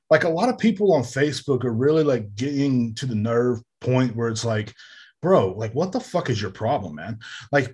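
A man's voice: mid-range voice, darkish tone, husky. A man hosting his own podcast from home, ranting casually with lots of swearing and filler words. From United States. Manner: profane, rambling, frequent fillers. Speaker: podcast host. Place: home room near a street. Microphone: desk microphone.

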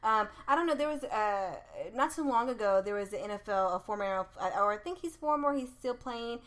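A woman's voice: on the high side, expressive, a little fast. A woman co-hosting a casual podcast chat, talking loosely and swearing freely. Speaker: podcast co-host.

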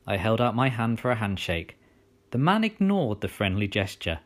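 A man narrating a children's story in the first person, with steady storytelling delivery. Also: fairly low pitch, normal speed.

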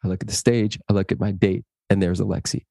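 A man's voice: low voice, fast, creaky, no room sound, clean studio sound. A man, a guest in an interview, telling a personal story and acting out the dialogue in it. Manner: animated, acts out dialogue in his stories.

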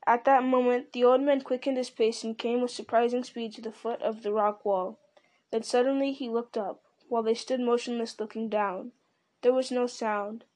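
A woman reading a fantasy novel aloud with even, deliberate storytelling. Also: fairly high pitch. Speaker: reader.

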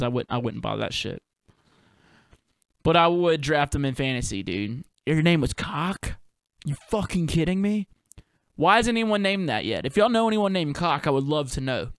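A man's voice: medium pitch, no echo, studio quality. A young man hosting a solo podcast, musing in a loose, profane, laid-back way full of slang and fillers. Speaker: podcast host and touring performer. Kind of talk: rambling solo podcast monologue.

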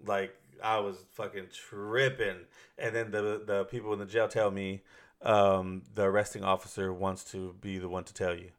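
A man's voice: lowish voice, level tone, moderate pace. A man telling a long story in casual chat, rambling and swearing, with many fillers and restarts.

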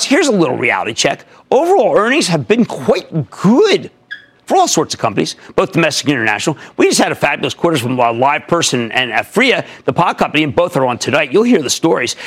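A male TV market show host giving emphatic, punchy market commentary that swings between loud bursts and low mutters.

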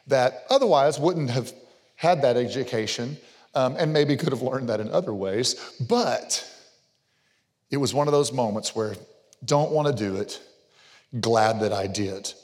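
Middle-aged male pastor, lively joking story sermon, medium pitch, long hall echo. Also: normal speed. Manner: animated joking storyteller, gets loud on punchlines. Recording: long reverb of a large hall.

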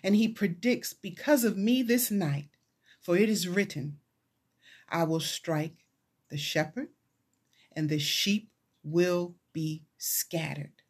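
A woman's voice: lowish voice, slow, long pauses, breathy edge. A woman chaplain preaching a sermon, retelling scripture and acting out the voices of the people in it. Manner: retelling scripture with dramatized voices, rising to excited pleas.

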